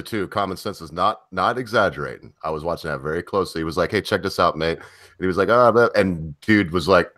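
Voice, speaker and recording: A man in a casual online chat, telling stories animatedly and acting out what others said. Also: fairly low pitch. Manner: animated storyteller, acts out quotes. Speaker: panel guest.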